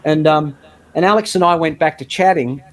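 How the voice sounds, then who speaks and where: A man chatting as a guest guitarist in an interview, telling a long anecdote in a relaxed, rambling way. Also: a little high, a little fast. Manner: chatty anecdotal storyteller, frequent restarts. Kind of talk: casual storytelling interview.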